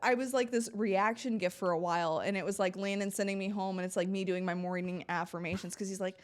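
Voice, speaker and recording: A woman's voice: medium pitch, fast. A young woman from Florida, a podcast guest, telling stories in casual chat, acting out quoted lines and laughing often. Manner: animated, acts out quoted dialogue, laughs often. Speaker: podcast guest, reality TV contestant.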